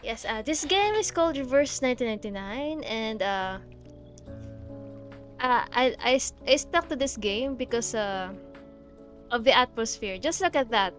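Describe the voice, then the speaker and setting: Giggly woman streaming a game, chatty and gushing, kinda high voice. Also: animated, normal speed, soft background music. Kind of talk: casual gameplay commentary.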